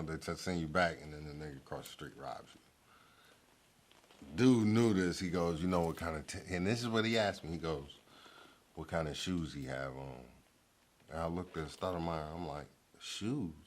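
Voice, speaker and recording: A middle-aged man telling a story in a casual, slangy, profane way, acting out the lines of the people in it. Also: low voice. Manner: animated, acts out quoted lines, slangy and profane. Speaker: guest telling his life story. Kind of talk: casual storytelling in a therapy-style talk show.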